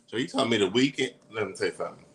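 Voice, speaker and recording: Lively sassy man in banter. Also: on the low side, rapid-fire, slightly rough. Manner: sassy, animated, profane banter. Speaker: co-host. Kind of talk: casual chat.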